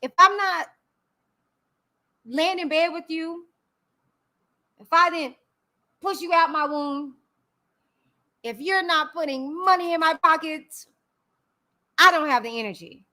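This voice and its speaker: A woman's voice: very high voice, slow pace, long pauses, pushed and bright. A woman hosting her own livestream, talking in a dismissive, sassy casual rant with frequent laughs. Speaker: channel host.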